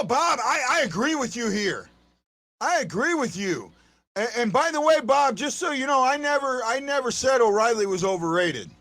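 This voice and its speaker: A fan show host ranting angrily after a game, shouting and repeating words over and over. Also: mid-range voice, dry recording. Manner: angry, shouting, repeating himself. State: upset. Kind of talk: post-game fan rant.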